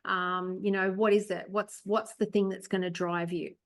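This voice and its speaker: Woman host, mid-pitched, chatty and encouraging, casual advice talk. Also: flat delivery, normal speed. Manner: encouraging, rambling with many "you know"s. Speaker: podcast host, real estate agent. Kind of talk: casual chat.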